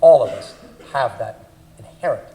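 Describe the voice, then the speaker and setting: A man giving a public speech at a leadership forum, telling anecdotes in an animated, emphatic way. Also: medium pitch, moderate pace, creaky, rough recording. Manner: animated storyteller, emphatic and punchy. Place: conference forum.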